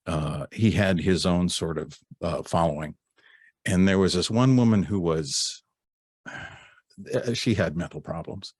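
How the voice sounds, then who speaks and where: A man's voice: low-pitched, no room sound, clean studio sound. A middle-aged man, a guest actor and narrator, telling backstage stories in a rambling, chatty way with many restarts. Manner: rambling, with restarts and warm laughs. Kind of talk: casual interview storytelling.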